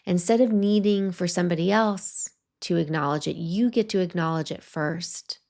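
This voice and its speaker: A woman hosting a solo podcast, talking through a reflective monologue in a slow, soothing, gently guiding way. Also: fairly low pitch. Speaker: podcast host.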